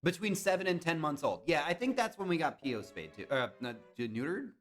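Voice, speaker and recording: A man's voice: on the high side, a little fast, faint music behind. A young man streamer chatting casually and reacting to viewers' comments while playing browser games. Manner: animated, chatty, reads and answers chat. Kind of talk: casual live-stream chat.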